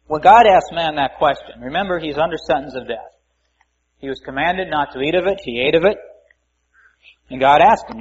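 A man's voice: a little high, expressive, moderate pace, long pauses, breathy edge. A man preaching a conversational Bible-teaching sermon, reading scripture aloud and adding folksy asides. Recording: muffled lo-fi recording.

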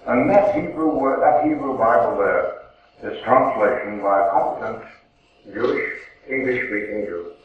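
A man giving an earnest, measured Bible talk to a congregation, repeating words for emphasis. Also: fairly low pitch. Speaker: lay preacher. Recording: distant, echoey, phone-like, faint hiss.

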